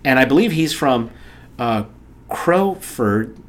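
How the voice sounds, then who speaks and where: A man's voice: medium pitch, brisk, a bit bright. An older man hosting a casual talk show, joking and rambling with lots of fillers and restarts. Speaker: radio show host. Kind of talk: casual comic chat. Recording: faint background noise.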